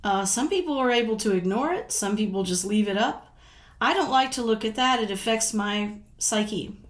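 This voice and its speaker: A woman's voice: medium pitch, animated, normal speed. A middle-aged woman from the United States talking casually to camera as a vlogger, frank and indignant, swearing freely and laughing between points.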